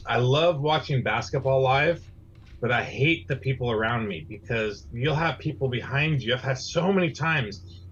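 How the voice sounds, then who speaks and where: A man in a casual group talk, complaining about sports crowds and pacing with animated storytelling. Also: medium pitch, breathy edge, dull audio. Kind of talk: casual chat.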